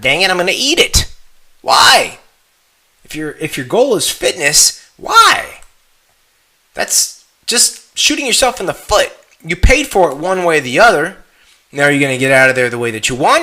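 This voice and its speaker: A man teaching an online fitness lesson in a direct coaching manner, often checking in with "okay?" and jumping up in pitch on emphatic questions. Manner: animated, voice jumps up on emphatic questions.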